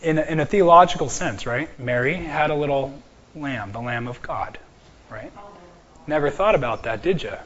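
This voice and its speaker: A man teaching an apologetics class from slides, joking and slowing down to stress key words. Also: medium pitch, animated, a bit bright, highs cut off.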